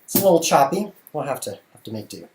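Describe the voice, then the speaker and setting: A chess streamer and show host hosts a casual bedroom livestream in a fairly high, sing-song, slightly mellow voice at a quick pace, with slight background noise. He jokes around playfully, narrating his moves as he juggles.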